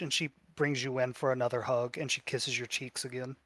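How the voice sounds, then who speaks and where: A man's voice: mid-range voice, little pitch movement, a little fast, few pauses, fairly bright tone. A man narrating a tabletop game as game master, loose and full of fillers.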